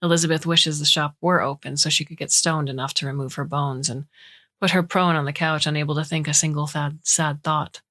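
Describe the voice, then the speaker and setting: A woman narrating a short science fiction story in a measured, even reading. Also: low-pitched.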